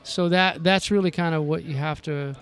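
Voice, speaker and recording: Halting higher-voiced man explaining drumming. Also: fairly even intonation, fairly bright tone, clean tone. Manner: halting, repeats words while explaining. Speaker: drum teacher, guest. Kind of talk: casual chat. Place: music store at a drummers' event.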